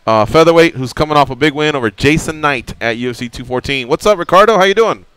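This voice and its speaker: A man's voice: fairly high pitch, lively intonation, fast talker, fairly bright tone, clean tone, no echo. A man hosting a casual sports radio show on a studio mic, loose and joking. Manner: loose and joking, swears at his own flubs. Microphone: studio radio microphone.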